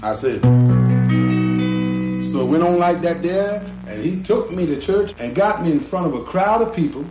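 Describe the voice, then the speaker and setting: A middle-aged man, a guitarist, telling a story slowly and drawling, acting out the voices of the people in it. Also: on the high side, expressive. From North Carolina. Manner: slow, drawling, acts out quoted voices. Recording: roomy echo, guitar behind.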